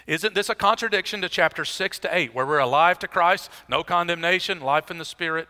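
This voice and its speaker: A man's voice: high voice, brisk, few pauses, bright, forceful tone, long reverb tail. A man preaching an expository sermon as pastor, in a conversational style with dry, self-deprecating asides.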